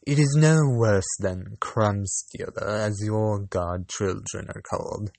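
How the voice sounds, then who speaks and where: A man voicing a sly, greedy female cat in a storybook reading, with a slow, cool, smooth delivery. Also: fairly low pitch, a little mellow, no room sound. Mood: scheming.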